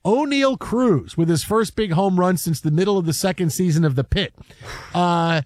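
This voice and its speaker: A man co-hosting a sports podcast, telling stories in an animated, rambling way. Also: sits high, normal speed, no room sound, studio quality. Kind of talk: casual sports talk.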